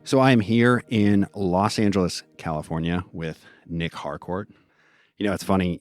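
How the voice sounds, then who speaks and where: A man hosting a podcast, reading a measured, formal introduction and then asking interview questions. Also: low voice, fairly even intonation, dry recording, studio quality. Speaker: podcast host.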